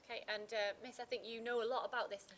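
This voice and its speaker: Hesitant woman teacher, slightly high. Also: little pitch movement, fast, a bit bright. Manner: hesitant, many fillers and restarts. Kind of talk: casual revision chat.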